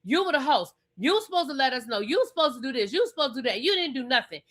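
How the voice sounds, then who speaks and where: Woman mimicking a shrill scolding woman. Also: big pitch swings, racing. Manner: high, loud, repetitive lecturing. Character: dismissive scolding woman refusing an apology.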